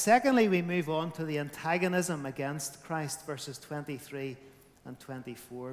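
A man's voice: on the high side, long reverb tail. A man preaching a sermon, emphatic, his volume rising and falling.

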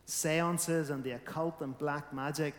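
A man's voice: fairly high pitch, fairly even intonation, measured pace, big-room sound. A man preaching a sermon, emphatic, his volume rising and falling.

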